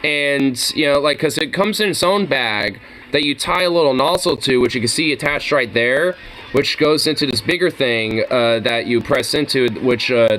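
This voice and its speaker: A man's voice: medium pitch, fairly bright tone. A young man filming his workplace kitchen on a phone, ranting and swearing in frustration. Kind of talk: profane ranting vlog.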